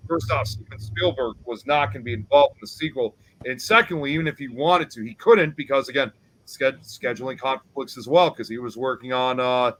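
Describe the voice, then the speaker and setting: A man's voice: medium pitch, a bit bright, no room sound, poor audio. Chatty male podcast host. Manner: chatty, laughs while talking. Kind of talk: casual chat about a film.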